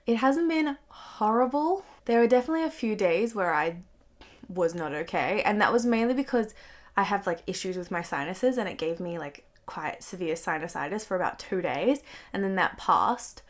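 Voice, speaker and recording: A young woman talks casually to her camera from her bedroom, her voice stuffy and croaky from being sick. She rambles in a chatty way, sprinkling "like" through almost every phrase, at an ordinary pitch for a woman. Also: expressive, normal speed. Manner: chatty, fills speech with "like". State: congested and croaky from a cold. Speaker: beauty vlogger.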